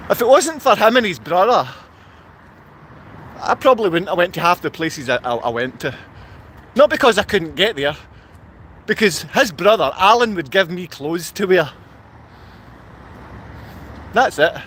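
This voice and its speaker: A man's voice: high voice, a bit bright, slight background noise. A man with a Scottish accent, rambling through a live-stream monologue outdoors in a car park and answering viewer comments as he goes. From Scotland.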